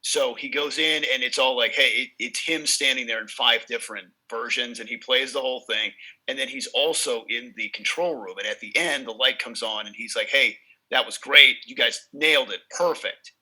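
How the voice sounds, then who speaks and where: A man's voice: medium pitch, fairly quick, bright, forceful tone, poor audio. A man co-hosting a podcast, chatting casually and telling stories with enthusiasm and jokey asides. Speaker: podcast co-host. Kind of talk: casual chat about rock albums.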